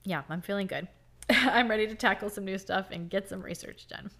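A woman co-hosting a podcast in casual chat, chatty and quick to laugh, often trailing off mid-sentence. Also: medium pitch, fairly bright tone. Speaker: podcast co-host.

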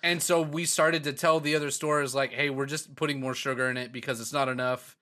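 A man, co-hosting a podcast and telling animated stories with frequent laughter. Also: medium pitch, fairly quick. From Texas. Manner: animated storyteller, laughs often. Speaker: podcast co-host. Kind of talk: casual chat.

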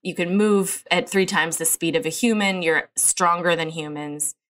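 A woman's voice: lowish voice, fairly even intonation, normal speed, a bit bright. A woman co-hosting a casual chat, rambling and saying "like" constantly. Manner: rambling, heavy use of "like".

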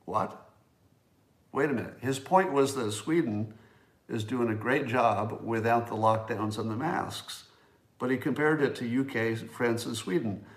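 A man's voice: medium pitch, normal speed. A man hosting a solo commentary show, talking in a conversational, emphatic way as he thinks aloud. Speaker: host. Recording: roomy echo.

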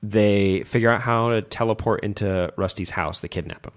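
A young man co-hosting a podcast, retelling scenes in an animated, rambling way and jumping into quick voices. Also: on the low side. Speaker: podcast co-host. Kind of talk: casual chat.

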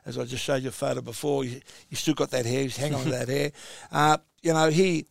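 A man's voice: mid-range voice, fairly even intonation, fast, vocal fry, no room sound, studio quality. A man in his sixties with an Australian accent, telling rambling stories as a podcast guest, full of fillers and asides. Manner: rambling anecdotal storyteller, many fillers. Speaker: guest, former footballer. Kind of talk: casual podcast chat.

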